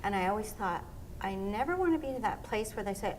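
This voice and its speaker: A middle-aged woman being interviewed, telling stories in an animated way and acting out what people said. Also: medium pitch, fairly quick. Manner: animated storyteller, acts out quotes. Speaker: interview guest, former pro skater. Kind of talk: casual storytelling interview.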